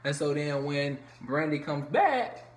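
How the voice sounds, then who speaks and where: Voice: medium pitch, sing-song, unhurried. A reviewer recapping a reality TV episode in loose, profane, chatty slang with lots of fillers. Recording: echoey room with faint background noise.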